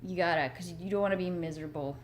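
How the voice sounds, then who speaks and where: A woman's voice: on the low side, quick pace, a little hiss or hum. Rambling, earnest woman vlogger. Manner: rambling, self-deprecating, earnest. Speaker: motivational vlogger. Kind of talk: rambling casual chat. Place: home room with her cat.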